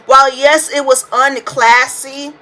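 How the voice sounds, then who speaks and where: Unhurried but animated, a twentysomething woman with a high voice rants on her podcast about a reality TV show. Her casual commentary is loaded with profanity and slang, and the phone recording is rough.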